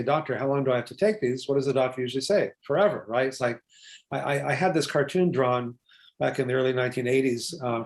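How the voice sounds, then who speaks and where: An older man from Texas, a physician guest telling stories in an interview, talking quickly with asides and quoted dialogue. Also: medium pitch. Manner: fast, chatty, with asides and acted-out quotes. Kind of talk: animated storytelling interview.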